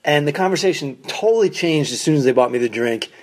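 A man's voice: fairly high pitch, quick pace. A man who is a stand-up comedian, telling a story as a casual solo monologue in a wry, profane way from a condo basement. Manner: animated, acts out quoted people in raised voices. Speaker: stand-up comedian, podcast host.

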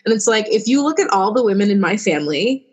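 A woman's voice: mid-range voice, lively intonation, fast talker, breathy edge, highs cut off. A woman who is a guest on a podcast, talking frankly and full of opinion in casual chat. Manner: frank, opinionated, filler-heavy talk.

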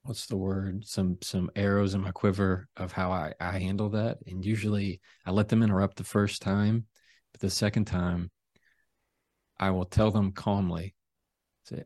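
A man with a deep voice, a trial lawyer speaking as a guest over a video call, talking slowly, calmly and deliberately. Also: dry recording, studio quality. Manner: slow, calm, deliberate delivery. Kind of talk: casual interview talk.

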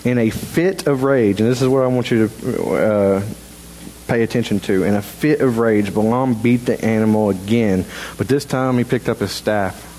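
A man preaching a sermon in a church in a halting, conversational way, full of restarts. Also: fairly low pitch, a little mellow, a little hiss or hum, poor audio. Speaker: pastor. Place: church sanctuary.

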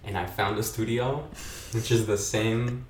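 A young man hosting a podcast, chatting casually and telling stories in a relaxed, profane way. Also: fairly low pitch, unhurried, reverberant, slight background noise. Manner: relaxed, profane, lively storyteller. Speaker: podcast host. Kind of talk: casual chat.

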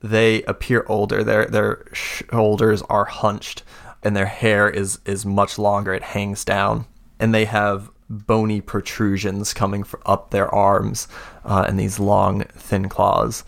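A man narrating as game master of a tabletop game, halting and full of fillers. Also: on the low side, completely flat delivery, gravelly, a bit bright.

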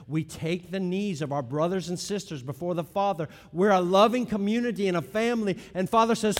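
A middle-aged man with a high voice preaches through a teaching sermon. He leans hard on key words, then drops to softer asides, and his voice rings with the long reverb of a big hall. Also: brisk, hardly any pauses. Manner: emphatic, swings between loud stresses and quiet asides. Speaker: pastor.

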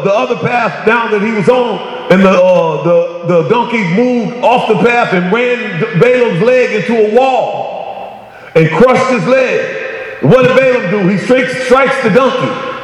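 Preacher in a very echoey church hall. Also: male voice, high voice. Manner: conversational preaching with emphatic rising outbursts. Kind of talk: sermon. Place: church sanctuary.

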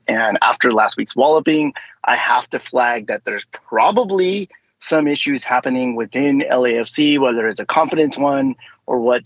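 A man on a casual sports prediction podcast, giving relaxed, reasoned picks. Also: mid-range voice, dry recording, muffled recording. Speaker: panelist.

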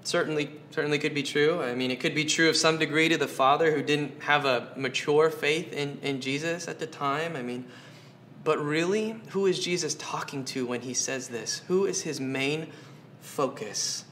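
A man's voice: on the high side, normal speed, fairly bright tone, slight background noise. A man preaching a sermon, earnest, asking his listeners question after question and repeating phrases for emphasis. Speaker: pastor.

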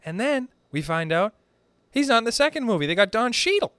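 Animated, profane young man doing stand-up. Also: fairly quick, clean tone, no echo. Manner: profane, animated, swings pitch for emphasis. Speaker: stand-up comedian. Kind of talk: rambling stand-up monologue.

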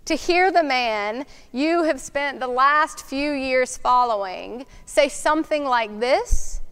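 A woman preaching a sermon in a slow, reflective way, asking questions aloud. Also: high voice, a bit bright, smooth.

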